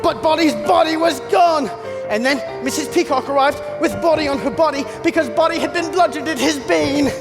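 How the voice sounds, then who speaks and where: A man playing a theatrical butler who narrates in a school stage play, telling the story with dramatic, animated energy. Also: very high voice, brisk, hardly any pauses. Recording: long hall reverb with loud music.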